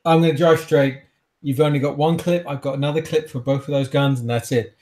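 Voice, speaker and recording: A man's voice: on the high side, fairly even intonation, a little fast, darkish tone, natural voice. Man voicing a reckless male vampire driver, flippant, mocking, tabletop game character. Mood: brash. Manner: mocking, flippant, calls people darling.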